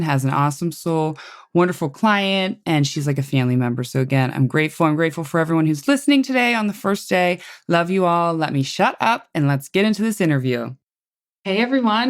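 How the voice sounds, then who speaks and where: A woman hosting a podcast from her hair salon, chatty and enthusiastic, rambling a little as she talks. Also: deep voice. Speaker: podcast host and hairstylist. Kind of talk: casual podcast chat.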